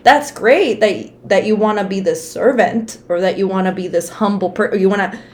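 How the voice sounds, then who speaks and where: A woman in her thirties, of Mexican heritage and raised in the United States, co-hosts a casual podcast chat. She talks frankly and emphatically, swears freely and laughs easily, in a mid-range voice at normal speed.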